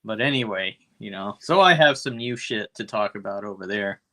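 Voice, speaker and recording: A man's voice: fairly low pitch, lively intonation, moderate pace, pushed and bright. A man co-hosting a podcast, chatting casually and rambling profanely through a movie recap. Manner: profane, rambling, acts out quoted voices. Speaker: podcast co-host.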